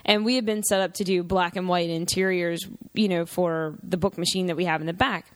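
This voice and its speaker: A woman who runs a small press, chatting casually and telling lively stories in which she acts out her own thoughts. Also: on the low side, brisk. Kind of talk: casual chat.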